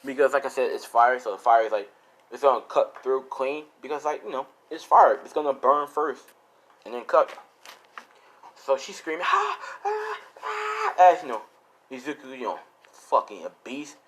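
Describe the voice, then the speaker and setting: A man's voice: mid-range voice, moderate pace, poor audio. A young man improvising a fan-fiction story in a loose, rambling, casual way with lots of fillers and swearing.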